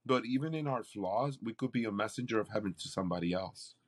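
A man's voice: lowish voice, expressive, quick pace. A man, a campus pastor, telling a faith story in an interview with an earnest, preacherly delivery. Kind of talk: interview testimony.

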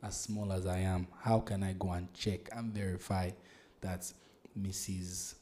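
A man hosts a casual podcast chat in a low, mellow voice. He talks with animation, often repeating and restarting phrases as he thinks aloud. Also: little pitch movement, a little slow, breathy edge. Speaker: podcast host.

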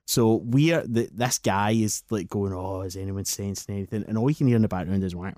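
Scottish man, lowish voice, dry close sound, cursing storyteller, podcast host. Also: normal speed, few pauses, no echo. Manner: sweary, animated anecdote. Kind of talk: casual storytelling.

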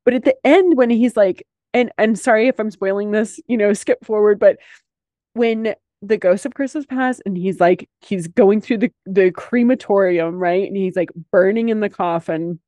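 A woman hosting a podcast, chatting casually, earnest and expressive with some casual swearing. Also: medium pitch, moderate pace, no echo. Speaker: podcast host.

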